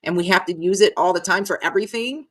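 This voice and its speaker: A woman's voice: on the low side, quick pace. A middle-aged woman vlogging a frustrated rant, swearing and repeating herself, choked up at times. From Nevada.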